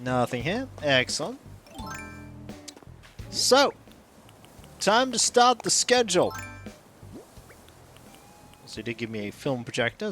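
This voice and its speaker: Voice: medium pitch, sing-song, slow, pauses often, fairly bright tone, faint music behind. Streamer with dry, joking asides. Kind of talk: casual commentary while playing a game.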